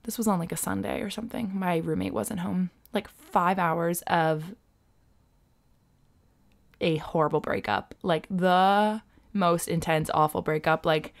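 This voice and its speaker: A woman's voice: on the low side, steady tone, unhurried, creaky. A woman vlogger telling a personal story in a candid, emotional, confiding way. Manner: emotional, confiding, frequent "like" fillers.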